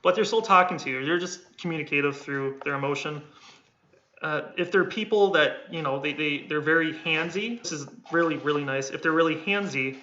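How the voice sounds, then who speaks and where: A man's voice: fairly high pitch, a little fast, bright, forceful tone. A man coaching on sales in a casual livestream, rambling and repeating words while he acts out tones of voice, with keyboard typing behind him. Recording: echoey room, dull lo-fi sound.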